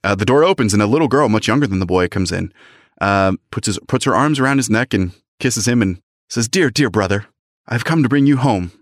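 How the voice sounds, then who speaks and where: Lower-voiced man reading a novel aloud. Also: a little fast, no echo, clean studio sound. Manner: reads passages aloud with lively voices, then jokes about them. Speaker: podcast co-host reading and discussing a book. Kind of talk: casual book podcast, reading aloud with commentary.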